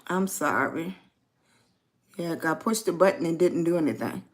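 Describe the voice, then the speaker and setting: A woman's voice: low voice, animated. A middle-aged woman with a Virginian Southern accent, chatting casually on a livestream, greeting viewers by name and spelling them out. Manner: slow, warm greetings to chat, spells out viewer names. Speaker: lifestyle livestreamer.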